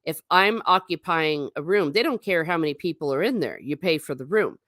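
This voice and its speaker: In a dry, studio-quality recording, a middle-aged woman briskly hosts a livestream, rambling chattily, reading comments from chat, and swinging her pitch animatedly.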